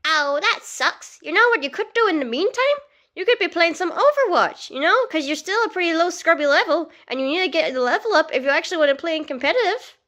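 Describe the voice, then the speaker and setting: A woman's voice: very high-pitched, lively intonation, fast talker, sharp tone, voice pushed up, full character voice. A woman putting on the voice of a perky, pushy female video game hero who teases her. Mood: teasing. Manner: bubbly, pushy, teasing.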